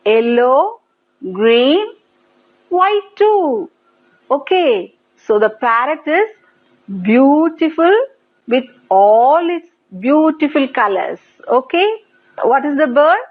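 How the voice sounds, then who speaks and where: A woman with an Indian English accent teaching young children English on TV, prompting them to repeat words and praising them often. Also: sits high. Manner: slow, sing-song prompting with repeated praise. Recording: tinny phone-like broadcast audio.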